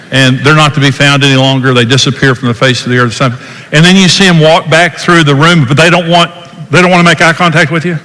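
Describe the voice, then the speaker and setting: A man's voice: fairly high pitch, bright, forceful tone, big-room sound, rough recording. An older man giving a folksy teaching talk on marriage, repeating himself and acting out different tones of voice.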